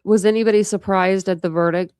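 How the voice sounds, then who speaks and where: A woman's voice: mid-range voice, steady tone, quick pace, a little mellow, clear, resonant tone, no echo, clean studio sound. A woman hosting a true crime livestream, chatting casually with viewers in a rambling way. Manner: rambling and chatty, with many fillers and restarts.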